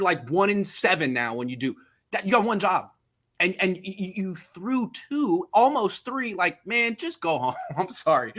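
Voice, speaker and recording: A man with a fairly high, bright voice hosts a sports talk show. His pitch swings widely as he rants, getting worked up and heated. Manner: heated, ranting, mimics the quarterback in quotes. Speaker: sports podcast host.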